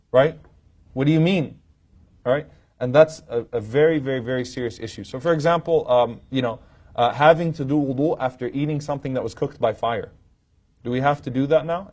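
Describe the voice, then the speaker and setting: A man delivers a religious lecture from a podium, mid-pitched and easy to follow. He tells stories with humor and acts out the quoted voices. The recording sounds dull and muffled. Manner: lively storytelling, acting out quoted lines with humor. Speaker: Islamic teacher lecturing. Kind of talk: religious lecture to a live audience.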